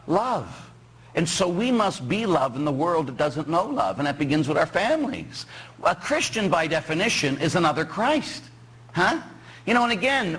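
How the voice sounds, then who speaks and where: A middle-aged male priest from Pittsburgh delivers a sermon with a voice that swoops up and down and a slightly husky edge. His tone is bright and forward, and he keeps the congregation on its toes with jokes and quick questions. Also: high voice. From Pittsburgh, USA. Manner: animated, joking, quizzing the congregation. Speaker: parish priest.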